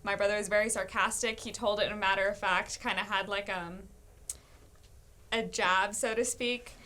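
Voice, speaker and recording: A woman's voice: mid-range voice, moderate pace. Laughing woman telling her testimony. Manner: animated storytelling with frequent laughs and acted-out quotes. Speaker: guest sharing her testimony. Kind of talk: casual storytelling testimony.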